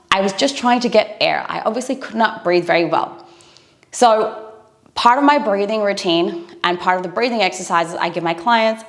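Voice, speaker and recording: A woman's voice: mid-range voice, a bit bright. A woman breathing coach giving an earnest, encouraging instructional talk to camera.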